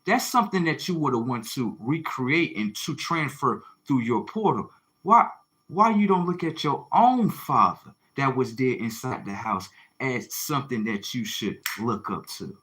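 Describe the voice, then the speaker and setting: A livestream host with an expressive, somewhat bright medium-pitched voice speaks a little slowly. He delivers a confrontational, preachy monologue packed with rhetorical questions, slang and swearing, repeating phrases for emphasis.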